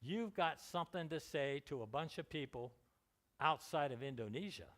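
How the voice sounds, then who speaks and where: A man's voice: fairly high pitch, expressive, moderate pace, fairly bright tone. A man with a Californian American accent giving an informal lecture on scientific writing, chatty, with joking asides and restarted words. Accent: Californian American English. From California, United States.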